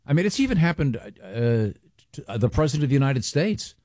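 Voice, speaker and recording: A man co-hosting a morning radio show in a studio, rambling and halting with many fillers. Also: mid-range voice, very animated, warm tone, no echo. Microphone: studio microphone.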